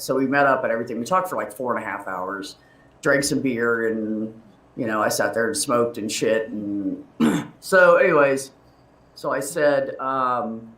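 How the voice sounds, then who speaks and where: A man's voice: mid-range voice, moderate pace, fairly bright tone. A man telling a personal story in casual chat, candid and emotional, rambling with restarts and laughs. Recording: roomy, distant mic.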